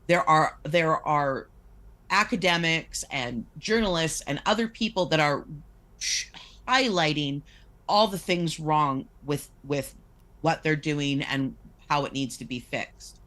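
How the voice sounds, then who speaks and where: A woman's voice: deep voice, slow, fairly bright tone. A woman talking as a guest on a podcast, earnestly explaining figures and reading excerpts aloud with frequent restarts. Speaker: guest discussing poverty policy.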